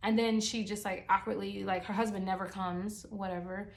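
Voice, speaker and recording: A woman's voice: mid-range voice, little pitch movement, moderate pace, creaky. Chatty, exasperated young woman vlogger. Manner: chatty, exasperated, heavy use of filler "like". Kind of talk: casual storytime chat.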